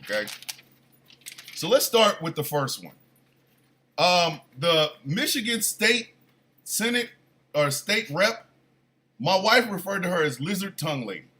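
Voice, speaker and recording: A man hosting a morning show, telling a comic story in a casual, animated way with loud bursts of disbelief. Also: sits high, measured pace, long pauses.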